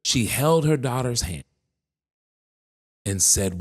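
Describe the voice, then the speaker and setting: A man giving a motivational speech with slow, emphatic delivery and dramatic pauses. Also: medium pitch, big pitch swings, a bit bright. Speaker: motivational speaker.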